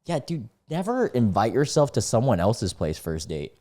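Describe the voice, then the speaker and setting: A man's voice: mid-range voice, very animated, normal speed, warm tone. A young man casually reacting to online posts as a streamer, talking in loose slang and calling people bro and dude.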